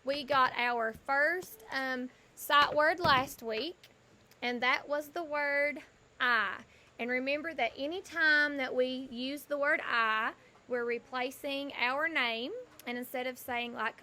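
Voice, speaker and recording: A woman's voice: high-pitched, sharp tone. A woman teaching a kindergarten lesson, patient and repetitive, spelling words out letter by letter for young children. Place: home porch.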